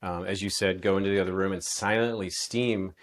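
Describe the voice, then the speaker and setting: A man's voice: low-pitched, steady tone, fairly quick. A man in an interview, talking casually and animatedly as a relationship coach, acting out quoted exchanges as he explains.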